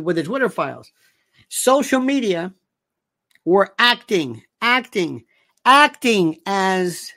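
A man's voice: high-pitched, pushed and bright. A man hosting his own show, delivering an emphatic, opinionated monologue and repeating himself for emphasis. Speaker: show host.

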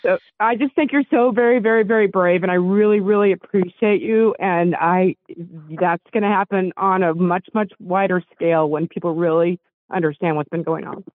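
A middle-aged man from the United States calls in over a tinny, phone-like line, speaking bone dry and close. His voice sits high for a man. He rambles, keeps apologizing, and sounds choked up as he goes. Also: fairly even intonation, moderate pace, dry recording. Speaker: caller. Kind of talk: call-in chat.

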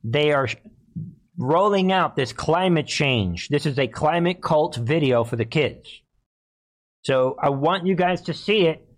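A man's voice: on the high side, lively intonation, measured pace. A man hosting a live-streamed political commentary show, talking emphatically and repeatedly calling out to his viewers. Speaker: host of a political commentary channel.

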